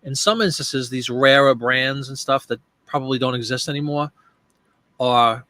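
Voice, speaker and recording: In a relaxed live-stream chat, a male host and online seller talks through each task step by step and addresses viewers by name. His ordinary middle-pitched voice moves at a moderate pace and sounds close and dry, with almost no room sound or echo.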